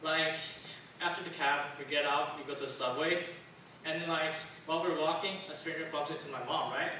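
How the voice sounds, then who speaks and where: On a comedy club stage, a young man from Taiwan works through a self-deprecating, rambling set full of fillers. He talks briskly in a fairly high, bright voice that is steady and forceful, captured by a distant mic in a very echoey room with slight background noise.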